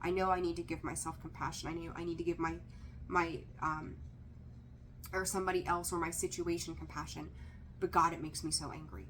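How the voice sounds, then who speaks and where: Woman tarot reader, lower register, blunt and emphatic, loose casual delivery, slight background hiss. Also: level tone, a little fast, fairly bright tone. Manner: direct and emphatic, repeats key phrases; candid, mildly profane asides. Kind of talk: casual tarot reading to camera.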